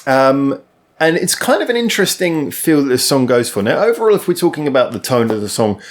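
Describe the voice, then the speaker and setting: A man's voice: mid-range voice, very animated, fairly quick. A man hosting his own channel, giving a casual spoken music review in a rambling, chatty way with lots of ums and restarts.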